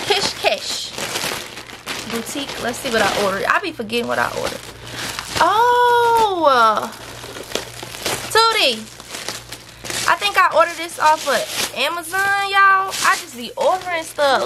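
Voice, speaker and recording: A woman's voice: very high-pitched, big pitch swings, slow pace, pauses often. A young woman, chatting to viewers in a casual haul vlog and scolding her toddler now and then. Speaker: vlogger. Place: home. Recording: noisy home recording.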